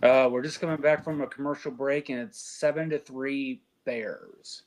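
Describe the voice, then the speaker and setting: A man on a sports podcast panel, cutting in with quick wisecracks during casual chat. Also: mid-range voice, fairly even intonation.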